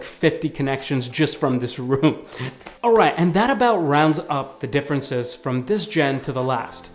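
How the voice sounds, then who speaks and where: A man giving a casual video review of a tablet. He talks in a chatty, excitable way and fills his sentences with "like". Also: a little high. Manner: chatty and excitable, leans heavily on "like". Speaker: tech reviewer.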